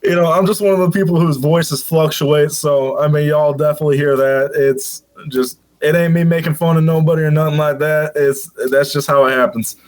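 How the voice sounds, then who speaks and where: A man's voice: fairly even intonation, brisk, few pauses. A man from the Midwest chatting casually as a podcast guest, laid-back and a little rambling. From American Midwest. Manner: laid-back, drops into a deep announcer voice at times. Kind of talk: casual chat.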